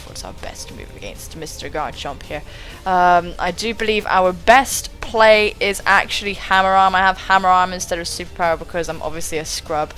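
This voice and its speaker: A young woman doing excitable live game commentary, thinking aloud and swearing casually. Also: fairly low pitch, moderate pace, faint music behind. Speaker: gaming channel host.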